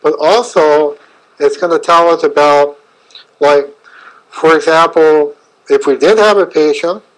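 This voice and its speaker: A middle-aged man giving an unscripted webinar lecture as a chiropractor, speaking in halting, fragmented phrases with frequent fillers. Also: on the high side, fairly even intonation, rough recording.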